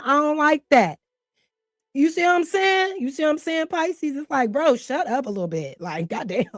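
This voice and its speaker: A woman hosting a casual online commentary show, speaking candidly and swearing freely as she reacts. Her voice sits somewhat high. The sound is dry and close, with faint music underneath. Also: dry recording. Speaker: host.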